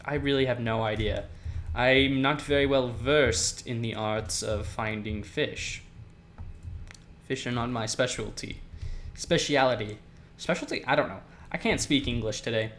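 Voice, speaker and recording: A man's voice: mid-range voice, measured pace, fairly bright tone, a little hiss or hum. A man hosting a gameplay video, chatting casually with rambling, self-mocking jokes.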